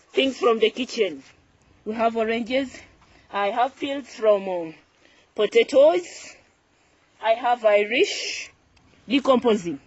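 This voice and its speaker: A woman farmer with a raised, husky voice gives an upbeat, casual planting lesson in an outdoor garden. She repeats short phrases as she mixes and packs soil. The recording is dull and lo-fi. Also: on the high side, no echo. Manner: repeats phrases while working with her hands, upbeat and instructive. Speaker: farmer and channel host. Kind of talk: casual farming tutorial.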